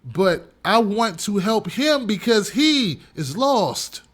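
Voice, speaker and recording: A man with a notably high voice holds forth as host of his own commentary show. He speaks emphatically and repeats his points to hammer them home, in a ranting monologue. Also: very animated, slow.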